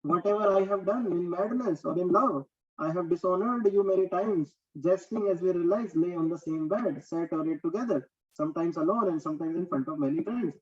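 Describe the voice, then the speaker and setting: A man's voice: sits high, brisk, husky, recorded from a distance. A man voicing a remorseful warrior who earnestly pleads with his god in a lecture. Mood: pleading. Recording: dull lo-fi recording.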